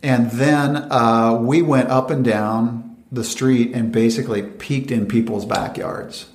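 A man, a company founder, telling stories in an interview and acting out quoted dialogue in lively voices. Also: mid-range voice, slow pace. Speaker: venture capital founder, interview guest. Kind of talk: conversational storytelling interview. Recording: roomy echoey room.

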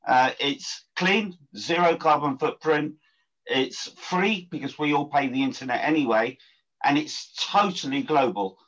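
A man's voice: on the high side, measured pace, fairly bright tone. An older man giving an upbeat self-introduction in punchy short statements on a video call. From England. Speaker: networking group organizer. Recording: dull lo-fi video call audio.

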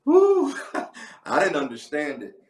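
Sing-song and measured, a mid-range male voice carries a livestreamed sermon. The pastor preaches fervently and bursts into sudden whooping exclamations, captured by a distant mic in a room full of echo.

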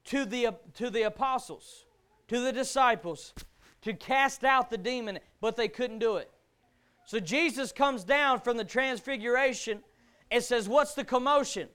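A man preaching a sermon, building to shouts and firing rhetorical questions. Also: extremely high pitch, smooth.

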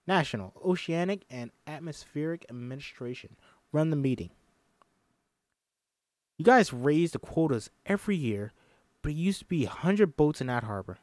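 A man reads a film script alone in a table read, handling the stage directions and performing every character himself with animation. His voice is medium-pitched, and the recording has no echo.

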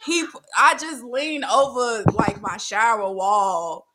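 A young woman telling a crude, animated story in casual chat, laughing often. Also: a little high, slow, a little hiss or hum.

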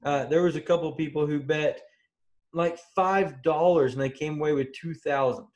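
A man's voice: fairly high pitch, steady tone, normal speed, darkish tone, lo-fi sound. A man co-hosting a podcast, chatting in an easygoing way with fillers. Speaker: podcast co-host. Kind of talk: casual sports podcast chat.

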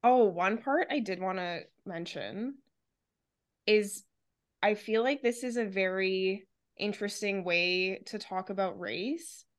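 A young woman talking casually about a novel on a book podcast, reflective and analytical. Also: mid-range voice.

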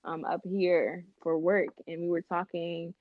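A woman in casual podcast chat, telling stories lively with laughs and quoted voices. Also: lowish voice, measured pace, no room sound, phone-quality sound.

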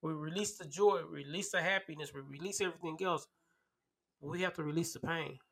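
A man's voice: on the high side, brisk, a bit bright, slightly rough. A man on a casual podcast, emphatic and repeating key phrases, often checking in with "right?".

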